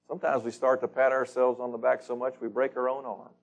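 A man's voice: medium pitch, flat delivery, fast, gravelly, few pauses. A man leading a Bible study, reading scripture aloud and putting questions to the group in a casual, conversational teaching manner.

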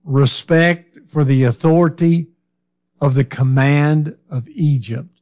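A man preaching a Bible-study sermon, talking slowly and conversationally, asking his listeners questions and now and then losing his train of thought. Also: a little high, fairly even intonation, a little mellow. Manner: fillers and restarts, loses his train of thought.

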